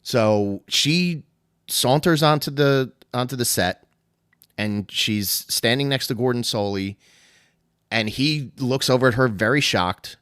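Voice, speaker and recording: A man's voice: medium pitch, unhurried, a bit bright, clean tone, dry recording, clean studio sound. A man hosting a podcast, casually retelling a story in a rambling way full of fillers and laughs. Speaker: podcast host.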